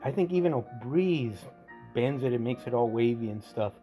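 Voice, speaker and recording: A man's voice: medium pitch, expressive, normal speed, dark tone, soft background music. A man casually narrating a scale model tank restoration, rambling and correcting himself as he goes. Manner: rambling, self-correcting, conversational.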